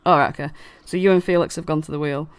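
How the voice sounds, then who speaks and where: A woman's voice: sits low, fairly even intonation, fast talker, clear, resonant tone, no room sound. A woman narrating as dungeon master of a tabletop game, loose and giggly with many fillers.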